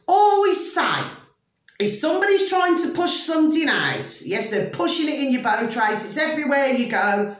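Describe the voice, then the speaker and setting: A woman's voice: high voice, distant mic. Ranting woman in an echoey room. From United Kingdom. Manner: emphatic, ranting, keeps asking "do you see what I'm saying". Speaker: vlogger. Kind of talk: opinionated monologue to camera.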